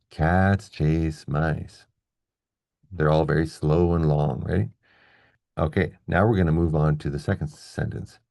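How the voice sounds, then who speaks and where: A deep-voiced man with a gravelly edge teaches an English lesson, walking through each point step by step and checking in with the viewer. His tone is dark and mellow, and the sound is dry and close. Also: dry recording. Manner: explains step by step, checks in with "okay?" and "right?". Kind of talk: classroom-style video lesson.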